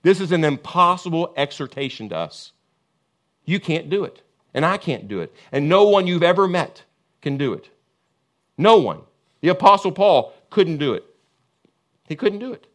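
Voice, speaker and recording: A man preaching a sermon as pastor, with an impassioned, repetitive cadence that swings from booming emphasis to hushed intensity. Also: big pitch swings, moderate pace, long pauses.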